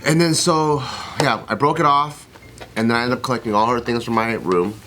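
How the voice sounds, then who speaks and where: A man co-hosting a casual podcast chat, telling a story in an animated way, acting out both sides of a conversation and swearing freely. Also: mid-range voice, fairly quick, a crowd in the background. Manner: frequent swearing and filler words.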